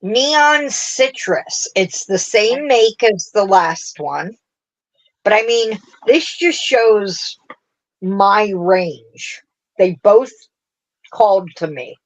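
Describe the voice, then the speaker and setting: A woman's voice: mid-range voice, expressive, slow, low-quality recording. A woman hosting a craft livestream, chatting in a rambling way and laughing often as she talks to viewers. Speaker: craft show host. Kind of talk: casual livestream chat.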